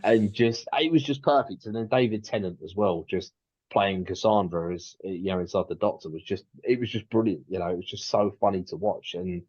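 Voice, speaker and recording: A man's voice: low voice, brisk, darkish tone, husky, highs cut off. A man co-hosting a podcast, chatting casually and rambling with lots of restarts and fillers. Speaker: podcast co-host.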